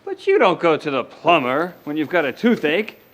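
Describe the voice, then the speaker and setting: An actor playing a bumbling, easily confused police detective in a sitcom, over the top. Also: male voice, on the high side, big pitch swings, normal speed. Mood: flustered. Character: bumbling London police detective, middle-aged man. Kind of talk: scripted sitcom acting.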